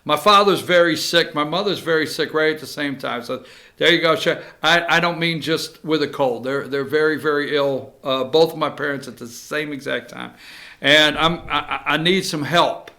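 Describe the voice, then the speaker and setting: Male talk show host, bright and raised in pitch, animated with sarcastic asides. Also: normal speed. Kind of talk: casual commentary.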